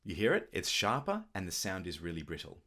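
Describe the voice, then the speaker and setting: A middle-aged man explaining clarinet embouchure in a relaxed, thoughtful teaching manner, with the odd filler as he talks. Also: sits low, fairly quick. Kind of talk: instructional video talk.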